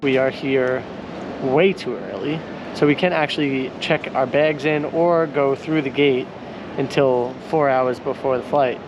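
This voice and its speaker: A man hosting a casual travel vlog, talking through plans to the camera in a relaxed way. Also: mid-range voice, unhurried, over music, low-quality recording. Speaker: travel vlogger.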